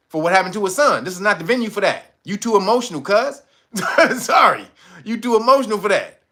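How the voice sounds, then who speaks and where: Male host, casual commentary, lively swooping delivery, bright edge, laughs a lot. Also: high voice. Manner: animated, laughs often, profane slang.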